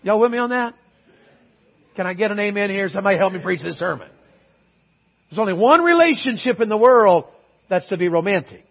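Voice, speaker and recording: Fiery preacher, high husky voice. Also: male voice, expressive, brisk, long pauses, dull audio. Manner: call-and-response preaching, shifting between loud exhortation and quiet earnest asides. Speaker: guest preacher. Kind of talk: sermon.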